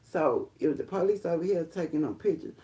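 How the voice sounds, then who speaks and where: A woman telling her life testimony on a live stream, rambling and emphatic, talking straight to viewers as y'all and breaking into high excited exclamations. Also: a little fast. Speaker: livestream host sharing her testimony.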